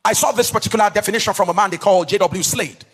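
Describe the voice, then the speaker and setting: A man's voice: high voice, fairly bright tone, slightly rough, big-room sound. A man preaching a teaching sermon to a live audience in a sing-song cadence, stretching key words and asking the audience questions. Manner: asks the audience questions and pauses for answers. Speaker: pastor.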